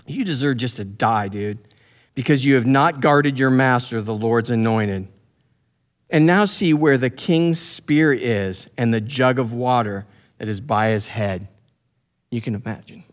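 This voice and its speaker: A man's voice: mid-range voice, unhurried. A man preaching through a Bible passage, reading verses and adding casual, slangy commentary while acting out the quotes. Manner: casual slangy asides, acts out quotes loudly. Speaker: pastor teaching a Bible passage. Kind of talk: expository sermon, reading scripture and commenting.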